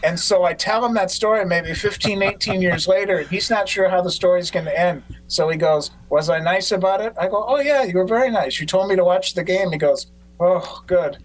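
Animated man telling baseball stories. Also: high-pitched, a little fast, few pauses, rough recording. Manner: animated storyteller, acts out quotes. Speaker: podcast host. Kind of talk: casual conversation.

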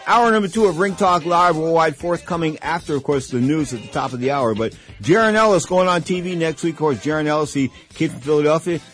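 A man's voice: on the high side, a little fast, hardly any pauses, a bit bright, soft background music. A man in his sixties hosting a radio talk show, telling long, rambling stories that drift from topic to topic. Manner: rambling, digressive storytelling.

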